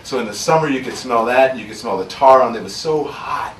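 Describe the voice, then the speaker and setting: A Louisiana-born author talks frankly to a book-signing audience, earnestly reflecting on his own story. He speaks a little fast, with a medium-pitched, fairly bright voice. The audio is roomy and far off, with faint ambience and a touch of hiss or hum.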